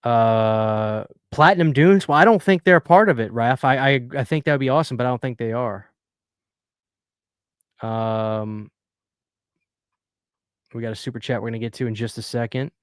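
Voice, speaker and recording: A man's voice: medium pitch, moderate pace, long pauses, smooth, no echo, studio quality. A man hosting a casual live stream, earnestly chatting and reading viewer messages aloud. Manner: earnest, talkative, reads chat aloud.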